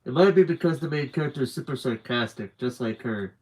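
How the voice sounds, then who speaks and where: A man reads a novel aloud to a live audience, narrating in the first person. His delivery is earnest, plain and steady, at a middle pitch for a man. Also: brisk, rough recording. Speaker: book reader. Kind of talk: live book reading.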